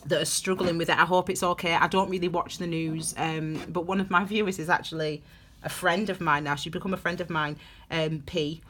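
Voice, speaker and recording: A woman's voice: low voice, a bit bright, a little hiss or hum. A woman giving a chatty, gushing tarot reading to her viewers, calling them her darlings. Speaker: tarot reader. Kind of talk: casual tarot reading to camera.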